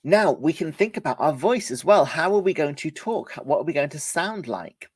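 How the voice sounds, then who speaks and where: A man leading a presentation skills workshop, slightly hoarse from a cold, talking casually and shifting his volume and pace to demonstrate. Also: a little high, sing-song, moderate pace, dry recording. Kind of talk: live workshop lesson.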